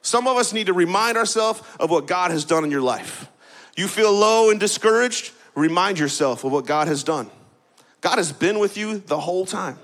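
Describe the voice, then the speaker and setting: A male pastor preaching a sermon in a lively, conversational way, often adding "right?" and getting the congregation to repeat words back. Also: sits high. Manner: energetic, conversational preaching with frequent "right?" asides. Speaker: campus pastor.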